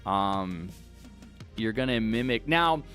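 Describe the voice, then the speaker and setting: A man's voice: on the low side, expressive, takes it slowly, bright, forceful tone, soft background music. A young man streaming a game at home, talking casually into a desk mic and arguing back at his chat with rambling restarts. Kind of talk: live-stream chat while gaming.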